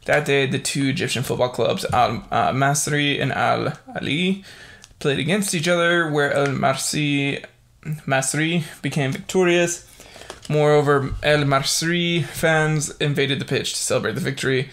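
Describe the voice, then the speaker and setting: A young man hosting a casual solo podcast, reading facts haltingly with lots of fillers and breaking into excited exclamations. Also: on the high side. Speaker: podcast host.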